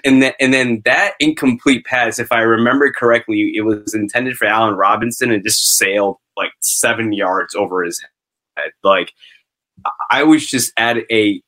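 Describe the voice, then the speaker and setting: Male podcast co-host, bright forceful tone, halting and filler-heavy. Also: medium pitch. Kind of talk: casual chat.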